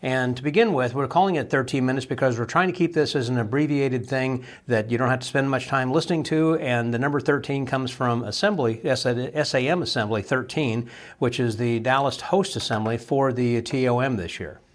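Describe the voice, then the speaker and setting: Man, mid-pitched voice, podcast host, easygoing questions. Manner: moderating, asks questions, quick laughs. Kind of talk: casual chat.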